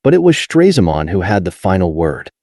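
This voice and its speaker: A man reading a nonfiction history audiobook in a measured, steady way, with deliberate pauses. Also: low-pitched, no echo, studio quality. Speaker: audiobook narrator. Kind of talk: scripted nonfiction narration.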